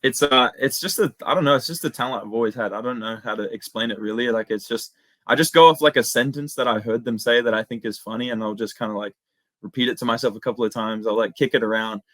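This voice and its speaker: A man's voice: medium pitch, fast talker, fairly bright tone, dry recording. Laid-back young Australian guy. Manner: laid-back, slangy, says "man" and "bro" a lot. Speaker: guest, MMA YouTuber. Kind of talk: casual interview chat.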